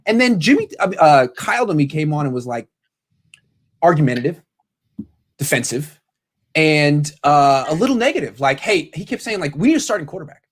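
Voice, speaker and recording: A man hosting a casual sports talk show, animated, often quoting others in quick voices. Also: fairly high pitch. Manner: animated, quotes people in quick impressions. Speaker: podcast host.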